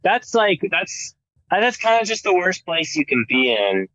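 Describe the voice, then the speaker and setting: A man's voice: high-pitched, big pitch swings, normal speed, bright, forceful tone, dull audio. A man in his thirties with an American accent, a guitarist talking casually in an interview, full of "like" and restarts. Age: 30s. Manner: rambling, lots of "like" and restarts. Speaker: guest guitarist. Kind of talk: casual conversation.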